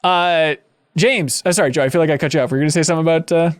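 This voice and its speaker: Casting: male podcast host, high and bright, playful teaser, reads listener letters, dry close mic. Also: racing, smooth, no echo. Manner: playful, teasing, reads messages aloud. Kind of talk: casual game discussion.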